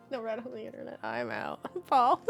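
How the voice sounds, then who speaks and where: Chatting casually during a gaming livestream, this woman giggles a lot and pokes fun at herself. Her voice is fairly high-pitched and creaky.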